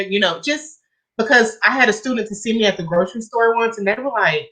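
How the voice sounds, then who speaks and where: A woman's voice: mid-range voice, animated, fairly quick, sharp tone, poor audio. A woman guest in a casual conversation, speaking earnestly and reflectively about her work. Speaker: guest, music educator.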